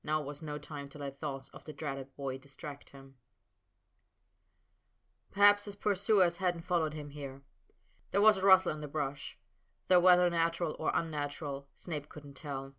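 Woman narrator, low and bright, steady scripted audiobook reading. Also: normal speed.

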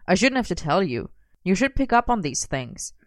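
A woman's voice: fairly low pitch, sing-song, normal speed, no echo, clean studio sound. A woman reading aloud, voicing a smug, bossy young man who teases his friend. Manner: bossy, commanding.

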